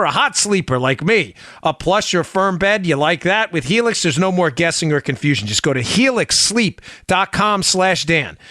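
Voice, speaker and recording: A man's voice: fairly high pitch, a bit bright, no room sound. A man hosting his own talk podcast, brash and joking, bantering with his producer and reading an ad in a casual way. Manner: brash, joking, fast-talking. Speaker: podcast host. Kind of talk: casual political talk and ad read.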